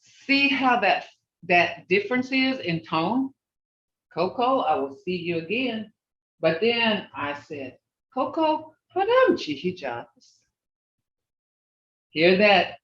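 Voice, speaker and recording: Through roomy, dull video-call audio, a language teacher with a mid-range, fairly bright voice sounds far from the mic. The online class involves patiently repeating phrases to demonstrate their tone.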